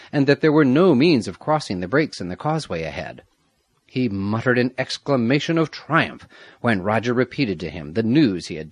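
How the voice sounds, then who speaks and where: Husky male audiobook narrator. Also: lowish voice, no echo. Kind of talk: scripted narration.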